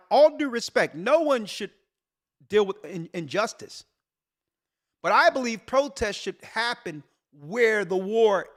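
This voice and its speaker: Commenting on a news story, a man who is both a church elder and a show host preaches with energy, asks rhetorical questions and repeats key points. His voice sits high.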